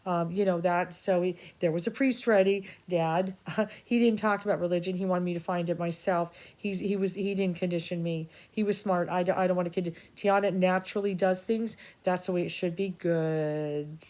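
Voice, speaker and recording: Brief: woman, Boston accent, low-pitched, intuitive reader, raw emotional off-the-cuff monologue, curses. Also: fairly even intonation, darkish tone. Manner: emotional, halting, swears freely. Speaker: spiritual reader. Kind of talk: rambling spiritual monologue.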